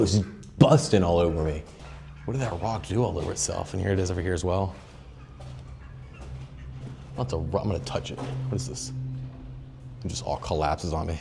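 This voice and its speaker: Deep-voiced young guy vlogging on foot. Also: creaky, slight background noise. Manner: excitable and joking, swears, talks straight to viewers. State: out of breath. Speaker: travel vlogger. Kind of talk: casual walking vlog talk. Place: outdoors and in stone tunnels of a sea fortress. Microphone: phone on a selfie stick.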